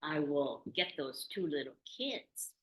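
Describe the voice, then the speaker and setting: A woman voicing a sly, hungry male wolf in a fairy tale, with a low, hushed, scheming delivery. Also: big pitch swings, takes it slowly, full character voice. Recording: roomy meeting-room recording.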